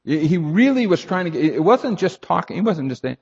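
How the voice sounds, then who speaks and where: A man's voice: fairly high pitch, very animated, moderate pace, creaky, husky. Emphatic older male preacher in a hall. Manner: earnest, emphatic, shifts to loud urgent pleading. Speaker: pastor. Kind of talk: expository sermon. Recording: echoey hall, dull lo-fi sound.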